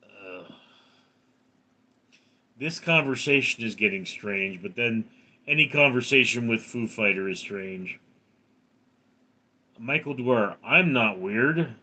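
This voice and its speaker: A man in his thirties chats casually on a live stream, reading viewers' names aloud and tossing back crude jokes. His voice is bright and forceful, and he talks at an unhurried, drawn-out pace. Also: medium pitch, expressive. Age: 30s.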